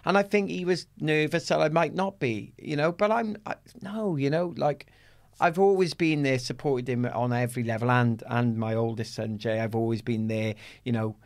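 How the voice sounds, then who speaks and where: A middle-aged Welsh man, an athlete guest in an interview, telling a personal story in an animated way and acting out the voices he quotes. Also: mid-range voice, normal speed. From Wales.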